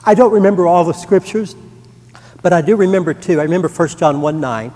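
A man's voice: high voice, a little fast, mellow, long reverb tail. A middle-aged man giving a personal testimony to a congregation, earnest and rising to emphatic. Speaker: church member giving testimony.

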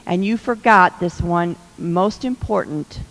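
A woman's voice: on the low side, a little slow. A woman giving humorous marriage advice to a live audience, chatty, with teasing asides and laughs. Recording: long hall reverb.

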